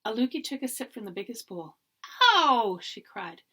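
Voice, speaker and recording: A woman teacher reading a children's storybook aloud in an expressive way. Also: medium pitch, a little fast, breathy edge.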